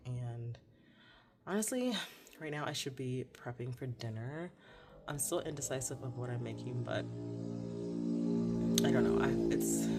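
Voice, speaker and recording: A woman's voice: a bass voice, a little mellow, slight background noise. A woman in her forties chatting casually in a home vlog, rambling and laughing often. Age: 40s. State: out of breath. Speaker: vlogger.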